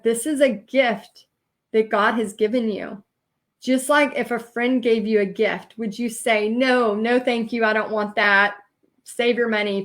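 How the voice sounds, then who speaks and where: A woman giving a live-streamed training talk as a business coach, earnest and emotional, rambling with many fillers. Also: on the high side.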